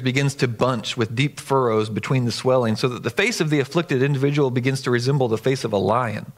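A pastor delivers his sermon in a voice pitched a little above the usual for a man. He speaks earnestly and presses his points home, slipping into a conversational tone with small fillers as he goes. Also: a bit bright.

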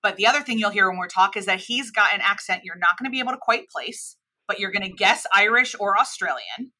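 A woman's voice: mid-range voice, fast. A woman in her thirties with a mid-Atlantic American accent, explaining her ideas at length as a guest in a conversational interview. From United States. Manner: animated, expansive explainer. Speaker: podcast guest, cross-cultural expert.

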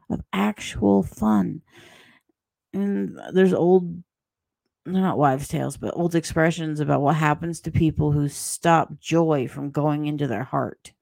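A woman's voice: on the low side, creaky, a little mellow, no echo. A woman hosting a solo podcast, giving blunt, sarcastic opinions in a rambling way and mocking people with put-on voices. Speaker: podcast host.

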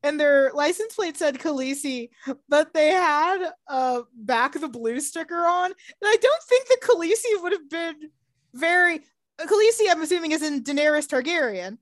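A young woman co-hosting a podcast in casual chat, animated, swearing freely and laughing often. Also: high voice, normal speed, no room sound, studio quality. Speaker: podcast co-host.

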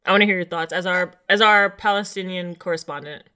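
A woman's voice: on the low side, fast, sharp tone, clear, resonant tone. A woman co-hosting a casual podcast chat, talking bluntly and wryly as she steers the conversation. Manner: blunt, wry, leads the conversation. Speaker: podcast co-host.

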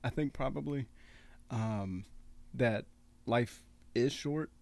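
Gravelly man in his thirties, reflective. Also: medium pitch, takes it slowly, a little mellow, no room sound. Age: 30s. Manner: reflective, teasing, laughs often. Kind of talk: casual podcast chat.

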